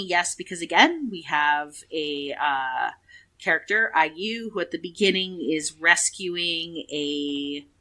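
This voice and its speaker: Woman, podcast co-host, casual chat, low voice, rambling, swears a lot. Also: pushed and bright. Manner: chatty, profane, rambling with fillers.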